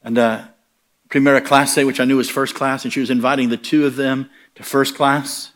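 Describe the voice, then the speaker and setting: An American man preaching in a storytelling style. His voice is bright and forceful, and he slips into animated comic voices for the people in his story. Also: medium pitch, normal speed. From United States. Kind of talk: storytelling sermon.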